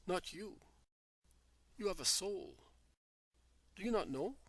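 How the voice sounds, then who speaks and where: A kind spiritual teacher speaks calmly and asks gentle questions, as a male reader takes his part. The voice is a little high and sounds dry and close. It is a plain storybook reading. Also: slow pace, husky, dry recording, heavily acted, poor audio.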